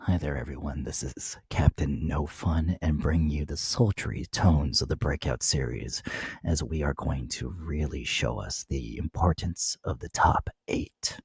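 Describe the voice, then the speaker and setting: A man voicing a mock-seductive male ASMR announcer in a deep, slow, breathy whispered role-play. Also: darkish tone, no room sound, clean studio sound, exaggerated voice. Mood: mock-sultry.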